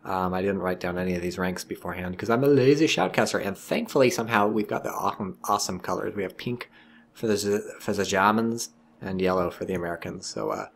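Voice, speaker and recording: Rambling, joking male game shoutcaster. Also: low-pitched, animated, quick pace, creaky, a little hiss or hum. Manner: rambling, joking, swears freely. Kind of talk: casual strategy game commentary.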